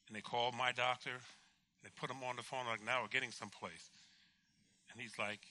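A man, a pastor, telling a personal story in a casual, animated way, acting out the dialogue and laughing often. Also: medium pitch, normal speed, long pauses. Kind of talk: storytelling testimony.

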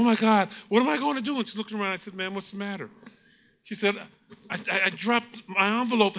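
A middle-aged man preaching a sermon, telling stories with acted-out quotes and frequent laughter. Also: high voice. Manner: animated storytelling preacher, acts out quotes, laughs often. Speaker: pastor.

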